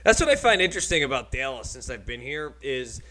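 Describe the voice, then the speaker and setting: A man's voice: mid-range voice, big pitch swings, a little fast, over a noisy crowd, rough recording. A man hosting a casual podcast, telling rambling stories and laughing often. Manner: chatty rambling storyteller with frequent laughs. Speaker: podcast host.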